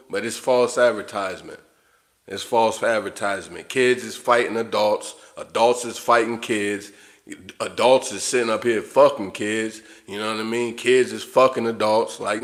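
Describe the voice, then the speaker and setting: Man, lowish voice, livestream rant, blunt, profane, repetitive. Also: a bit bright. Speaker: livestream host. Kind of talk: unscripted livestream monologue.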